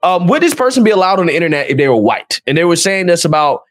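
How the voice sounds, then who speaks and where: A man hosting a reaction video, commenting in a halting way with many fillers. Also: sits high, big pitch swings. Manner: halting, with frequent fillers and chuckles.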